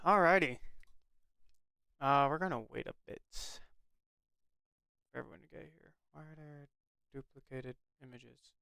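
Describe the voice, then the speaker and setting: A man's voice: on the high side, a little slow, gravelly, long pauses, pushed and bright, smooth, dry recording. A young man casually chatting to his livestream chat while setting up, rambling and upbeat. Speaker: streamer.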